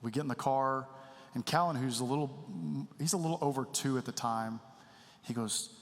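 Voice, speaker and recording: A man's voice: mid-range voice, moderate pace. A man, preaching a candid, conversational sermon full of personal stories in a church sanctuary. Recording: church hall reverb.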